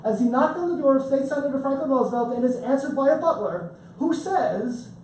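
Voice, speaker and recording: This man's voice is very high, expressive and a little mellow, and he talks fairly quickly. He gives a chatty, joking, story-filled talk about his book to an audience, with frequent restarts. A distant mic makes the room sound spacious, with faint ambience and slight hiss or hum.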